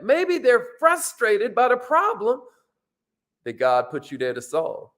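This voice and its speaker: Guy with a pretty high voice doing a motivational sales coaching talk, super casual and emphatic, keeps saying y'all and repeating his big lines. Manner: colloquial and emphatic, often addresses the audience as "y'all"; repeats key phrases for emphasis.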